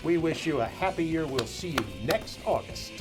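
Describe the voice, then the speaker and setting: A jovial man hosts a sports talk show from a studio, his voice sitting a little high. He speaks casually and trades jokes with the people around him. Faint music plays under his voice. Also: expressive, normal speed. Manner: jovial, joking.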